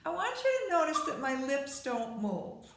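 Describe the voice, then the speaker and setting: Woman music teacher, high lively voice, patient step-by-step instruction, echoey room. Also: normal speed, creaky, heavy background noise. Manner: patient step-by-step teaching, addresses viewer directly. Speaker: recorder teacher. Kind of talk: instructional video lesson.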